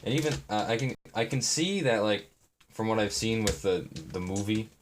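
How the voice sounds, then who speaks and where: A man's voice: fairly low pitch, lively intonation, moderate pace. A young man chatting in a meandering, self-deprecating way on a live stream while he builds. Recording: noisy, with keyboard and brick clicks.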